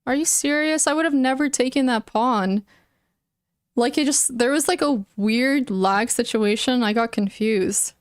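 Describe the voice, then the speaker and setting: Young woman streamer with an emotional, chatty delivery full of "like" fillers. She has a slightly high voice and an unhurried pace. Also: clean tone, dry recording, studio quality. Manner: emotional, talks to her chat, frequent "like" fillers. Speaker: chess streamer. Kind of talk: casual live-stream chat.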